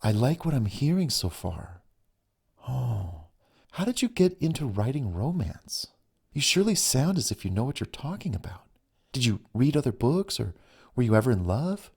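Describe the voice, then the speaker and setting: A man's voice: mid-range voice, very animated, normal speed, creaky, darkish tone, slightly rough, pitched above the performer's own voice, exaggerated voice. A man voicing a chatty, eager young woman on a phone date in an audiobook. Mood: curious. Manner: bubbly, chatty. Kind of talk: audiobook reading.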